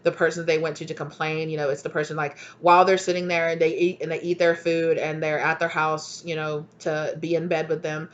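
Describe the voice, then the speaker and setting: A woman's voice: sits low, level tone, a little fast, few pauses, highs cut off. A woman giving a casual tarot reading, chatty and full of fillers, laughing now and then. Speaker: tarot reader.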